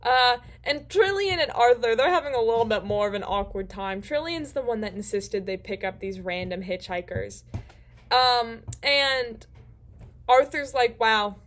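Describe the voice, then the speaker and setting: Excitable, swearing book-recap host. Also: female voice, on the high side, a little slow. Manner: rambling, excitable, swears freely.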